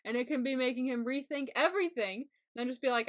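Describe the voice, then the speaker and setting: A woman's voice: on the high side, normal speed. A woman co-hosting a podcast, reacting to a TV episode recap in casual chat and laughing often. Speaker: podcast co-host.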